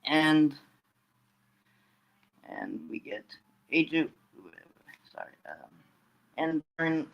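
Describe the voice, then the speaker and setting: A man's voice: a little high, very slow, long pauses, dull audio. A man giving a casual solo recap, rambling along with frequent restarts and fillers. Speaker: wrestling fan recapping storylines.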